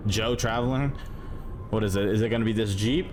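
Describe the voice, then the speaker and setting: A man's voice: fairly low pitch, a little fast, background noise. A man reacting to dashcam clips for his stream, casual and profane, scolding the drivers on screen. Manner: profane, exasperated, talks straight to the drivers.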